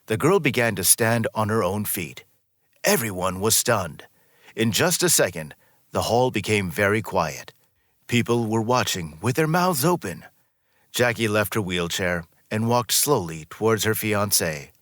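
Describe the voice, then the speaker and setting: A man with a low voice narrates a scripted story, his pitch rising and falling in a lively way. The reading is smooth and even, close to the mic, with a dry sound and no room echo. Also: a little slow.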